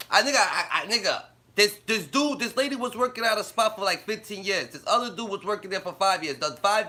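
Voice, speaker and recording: A man's voice: high voice, sharp tone. A man ranting and telling blunt, profane stories in slang on a casual live stream, laughing often as he talks. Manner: laughs often while talking. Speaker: livestreamer.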